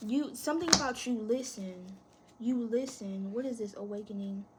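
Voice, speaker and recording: A woman's voice: on the high side, normal speed, heavy background noise. A woman reading tarot to camera, encouraging and speaking straight to the viewer, thinking aloud as she pulls cards. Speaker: tarot reader.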